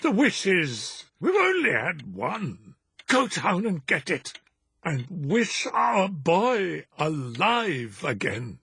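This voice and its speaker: A man's voice: high voice, huge pitch swings, extremely slow, creaky, bright, forceful tone, breathy edge, dry recording, studio quality, voice pushed up, exaggerated voice. A man voicing a frantic, grieving old woman who cries out desperately. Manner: crying out desperately.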